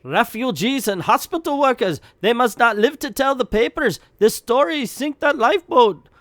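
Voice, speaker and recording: A man voicing a ruthless German submarine commander who shouts orders. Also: extremely high pitch, animated, moderate pace, no echo, studio quality, pitched above the performer's own voice. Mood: shouting orders.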